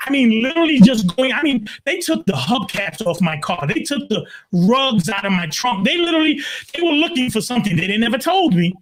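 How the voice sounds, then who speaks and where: A man in his sixties from Brooklyn, a pastor telling his life story in an interview, emphatic and animated, leaning on "literally" and acting out his own quotes. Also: very high-pitched, fairly quick, few pauses, slight background noise. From Brooklyn, New York. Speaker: pastor, guest.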